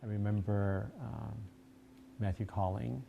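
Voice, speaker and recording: A man recalling something in a halting, subdued way. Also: lowish voice, fairly even intonation, creaky, phone-quality sound. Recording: noisy video clip.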